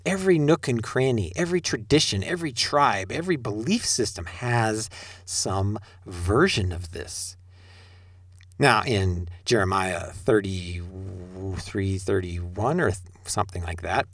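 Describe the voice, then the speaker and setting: Middle-aged male preacher, animated delivery, rhetorical questions, dry close sound. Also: on the low side, a little slow, no echo. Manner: rhetorical questions, addresses listeners directly. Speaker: spiritual teacher. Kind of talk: sermon-style talk.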